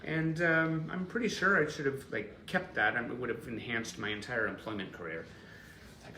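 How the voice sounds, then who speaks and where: A man's voice: mid-range voice, expressive, moderate pace, bright, forceful tone, roomy sound, a little hiss or hum. A man casually commenting on photos during a fan livestream, chatty and playful with frequent fillers and asides.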